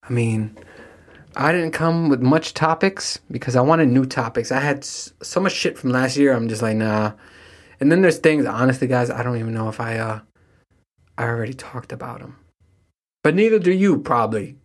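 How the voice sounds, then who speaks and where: A man's voice: mid-range voice, expressive, moderate pace. Profane, rambling storytelling man. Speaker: solo podcast host. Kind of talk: casual monologue to an audience.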